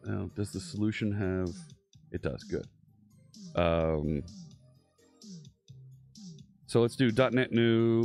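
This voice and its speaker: A man's voice: deep voice, vocal fry, a little mellow. A man hosting a live coding stream, chatting casually and thinking aloud with frequent fillers and restarts.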